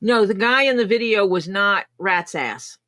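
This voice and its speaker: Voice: medium pitch, lively intonation, measured pace, sharp tone, no echo. A co-host on a casual livestream podcast, talking in blunt, dry asides.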